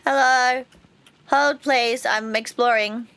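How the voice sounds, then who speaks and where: A woman's voice: mid-range voice, slow pace, long pauses, a bit bright. A woman streamer chatting casually while playing a game, reading its text aloud with playful asides.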